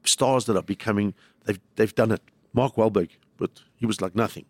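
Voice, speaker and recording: A middle-aged man with a South African accent and a low, gravelly voice, telling stories on a chat show. He rambles from one anecdote to the next and acts out the people he quotes. The sound is dry and close. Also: fairly quick, a little mellow, no room sound. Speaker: comedian, guest. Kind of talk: casual storytelling.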